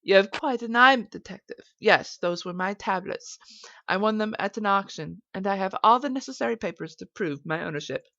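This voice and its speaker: A cold, haughty rich woman, as a woman reads her lines, speaking in a curt, dismissive way. The sound is dry and dull, like a lo-fi game recording. Her pitch stays mid-range. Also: moderate pace, pushed and bright, no echo. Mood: cool, dismissive.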